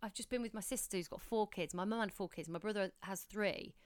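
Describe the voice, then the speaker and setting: A woman in her thirties co-hosts a podcast, chatting casually and reflectively about motherhood with many restarts. Her voice is medium-pitched, smooth, and a little fast, recorded dry.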